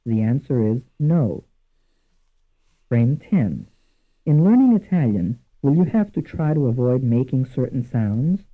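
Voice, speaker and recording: A man giving scripted instructional narration for a language course, measured and deliberate, repeating each example word twice. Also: medium pitch. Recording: tinny lo-fi archival course audio.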